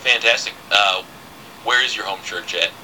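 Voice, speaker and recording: A man's voice: on the low side, moderate pace, sharp tone, a little hiss or hum, rough recording. A man hosting a casual radio interview, chatty, with many fillers and restarts. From southern United States. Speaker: radio host.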